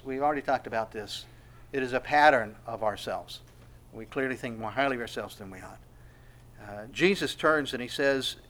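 A man's voice: medium pitch, a bit bright. A male pastor preaching a sermon, emphatic and repetitive, often stumbling over restarts.

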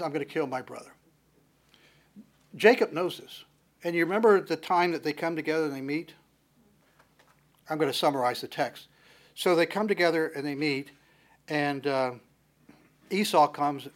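A man's voice: a little high, normal speed, long pauses. A man preaching a sermon, retelling scripture in a casual way and acting out bits of dialogue. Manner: conversational, retells scripture with acted dialogue and chuckles.

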